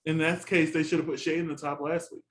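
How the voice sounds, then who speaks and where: A man co-hosting a casual review chat, animated and laughing often. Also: a little high, fast, poor audio. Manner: chatty and animated, laughs often, quotes reactions. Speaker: co-host reviewing a TV competition.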